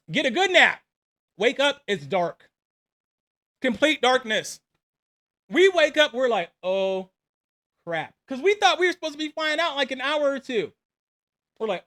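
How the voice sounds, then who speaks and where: An army veteran in his forties with an extremely high-pitched voice tells a personal war story casually and with animation, acting out the dialogue and laughing between lines.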